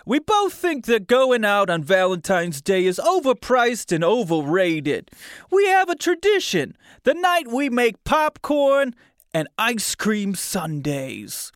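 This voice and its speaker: A man reads aloud in a full character voice, faking a New Jersey accent to play a giddy, corny, eager lover boy who is in love with a ghost. His voice leaps high and loud in a slow, swooping sing-song, smooth in tone, with a dry sound and no room sound.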